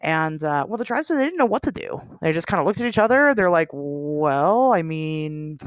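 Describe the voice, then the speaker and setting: A woman podcast host telling folktales in a casual, chatty way, relaxed and quick to laugh. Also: medium pitch, no room sound, clean studio sound. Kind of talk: casual chat and folktale storytelling.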